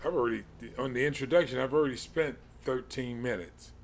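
A man in his forties teaching a Bible study in a slow, halting way, with many pauses and restarts. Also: medium pitch. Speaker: podcast teacher.

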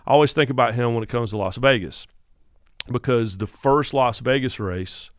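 A man in his fifties with a Southern North Carolina accent guest-hosts a casual podcast, spinning stories and acting out the quotes with animation. His voice is medium in pitch, his pace moderate, and the recording is dry.

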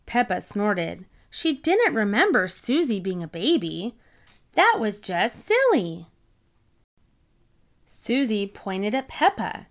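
A woman reads a picture book aloud to young children with enthusiastic, child-directed storytelling. Her voice is medium-pitched with big pitch swings, and she takes it slowly.

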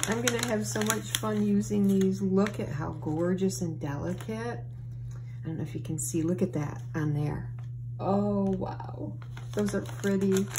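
A woman's voice: on the low side, measured pace, noisy background. A woman papercraft vlogger unboxing craft mail and gushing over each item to her viewers. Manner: gushing, excited, often breathy exclamations. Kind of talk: casual unboxing chat to viewers.

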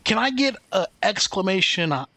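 A man's voice: high voice, expressive, normal speed, bright, forceful tone. A man streaming a video game, joking and rambling as he thanks chat by name. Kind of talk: casual live-stream chat.

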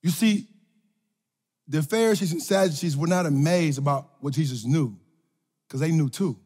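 Male preacher, high pitched, emphatic and repetitive, reverberant hall sound. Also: husky. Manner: emphatic, repetitive declarations with call-and-response energy; animated, swings from loud to quiet. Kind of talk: sermon. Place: large room with audience.

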